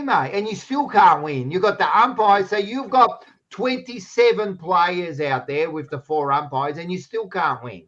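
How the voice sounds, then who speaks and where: A man's voice: high-pitched, fairly bright tone. Australian man needling his rival, lo-fi. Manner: teasing, needling, swears. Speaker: podcast co-host. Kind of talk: casual sports banter. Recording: dull lo-fi sound.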